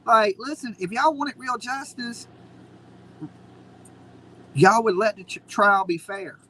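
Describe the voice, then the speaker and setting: A man's voice: sits high, lively intonation, slow, bright, forceful tone, poor audio. A man hosting a live stream, ranting in a mocking, combative way. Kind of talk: heated casual commentary.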